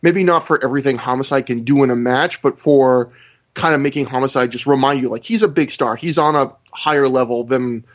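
A man hosting a podcast, recapping events in a relaxed, casual way with fillers. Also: medium pitch, a little fast, muffled recording. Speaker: podcast host. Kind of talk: casual chat recapping wrestling.

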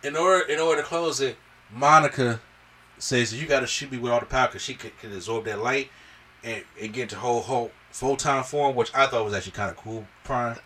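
A podcast host casually recaps a film, animatedly retelling it and acting out the characters' lines. His mid-range voice is fairly quick and picked up by a distant mic.

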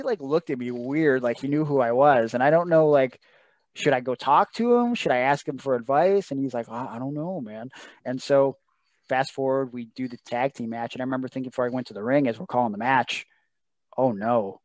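A man's voice: mid-range voice, no echo. A man in his thirties, a wrestler as podcast guest, telling a personal story in an earnest, emotional way, acting out what others said. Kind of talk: casual storytelling interview.

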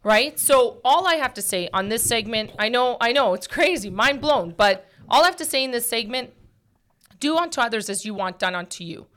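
Woman, talk show host, emphatic, preachy, casual chat, slightly high voice. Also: animated, moderate pace, fairly bright tone. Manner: emphatic, preachy, many fillers.

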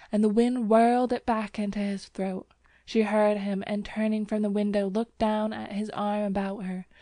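Audiobook narrator, woman, mellow, steady reading, dry close sound. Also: medium pitch, no room sound. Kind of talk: scripted narration.

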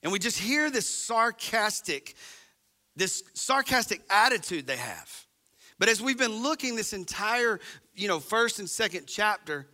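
Pastor, male, high and very bright voice, chatty sermon delivery to the congregation. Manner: conversational preaching, speaks straight to the congregation.

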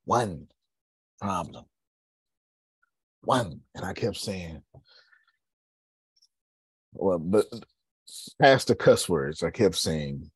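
Male host, husky and dry, blunt motivational talker who repeats himself and swears. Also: low voice, expressive, drawn-out words, long pauses, no room sound. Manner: blunt, repetitive, swears freely; addresses listeners by name. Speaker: host of a coaching meeting. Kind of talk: casual motivational talk.

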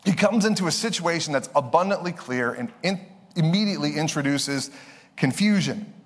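A man's voice: a little high, animated, husky. Young man preaching in a reverberant hall. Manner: conversational, storytelling with quick asides. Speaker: pastor. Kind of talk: sermon.

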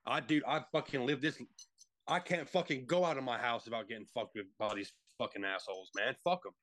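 A man's voice: mid-range voice, a little fast, a bit bright. A man in a casual podcast chat, ranting heatedly and swearing heavily. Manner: heated, profane rant.

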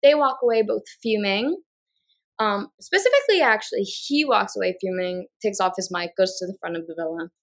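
This podcast co-host is a woman whose medium-pitched voice has lively intonation. Chatting casually, she rattles off a fast recap of a reality show, performing the cast's quotes as she goes.

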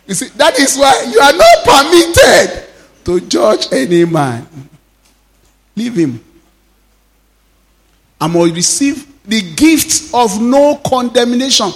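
High, lively Nigerian pastor preaching. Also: male voice, slow, long pauses. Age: 50s. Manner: animated storytelling, laughing often, acting out quoted speech; mixes Yoruba phrases into English. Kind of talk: sermon.

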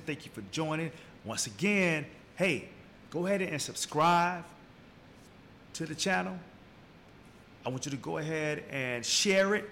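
A man hosting a podcast, giving a preachy motivational talk, repeating key lines and building from slow and low to loud and high. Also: slight background noise. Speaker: podcast host.

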